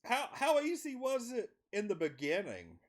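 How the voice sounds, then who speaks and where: Excitable stammering male host. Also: very high-pitched, moderate pace. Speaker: podcast host. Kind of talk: casual interview. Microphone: video call.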